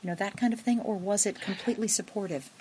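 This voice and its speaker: A woman's voice: mid-range voice, quick pace, dark tone, slight background noise. A woman hosting a conversational interview, upbeat and enthusiastic, with a self-deprecating humor. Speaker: interview host.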